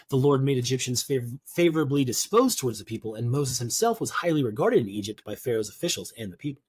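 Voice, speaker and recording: A man's voice: mid-range voice, big pitch swings, quick pace, hardly any pauses, a little mellow, husky, no room sound. A man co-hosting a podcast, reading Bible passages aloud and chatting casually about them with offhand jokes. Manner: reads scripture aloud, then riffs with offhand jokes. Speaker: podcast co-host. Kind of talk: casual Bible study chat.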